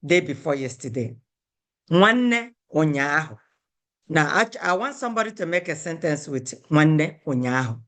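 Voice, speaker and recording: A woman teaching an online language class, patiently repeating phrases slowly and calling on students by name. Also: low-pitched, lively intonation.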